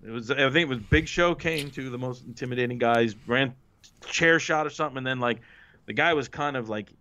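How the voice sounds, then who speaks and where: A man's voice: mid-range voice, a little fast, bright, forceful tone. A man telling stories as a guest in a casual interview, acting out quotes in a raised voice and swearing freely. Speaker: former wrestling writer, interview guest. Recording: muffled lo-fi audio.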